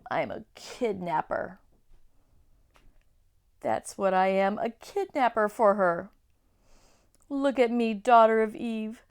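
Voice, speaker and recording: A woman voicing a remorseful, timid male faun who speaks in a pleading, halting way. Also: fairly high pitch, clean tone, natural voice.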